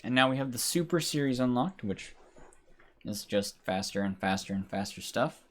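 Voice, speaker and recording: A man's voice: mid-range voice, expressive, moderate pace. A man giving casual, rambling commentary while live-streaming a racing game, grumbling and swearing at it. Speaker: livestreamer.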